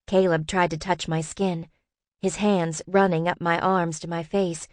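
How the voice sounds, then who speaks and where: A woman narrating a first-person audiobook in a lively, expressive reading. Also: lowish voice, a little slow, dry recording, studio quality.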